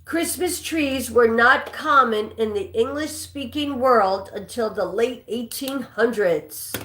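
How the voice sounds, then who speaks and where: A woman's voice: a little high, slow pace, sharp tone. A woman hosting a live-stream trivia game, chatting with viewers and reading questions aloud, sometimes stumbling and restarting a line. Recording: echoey room.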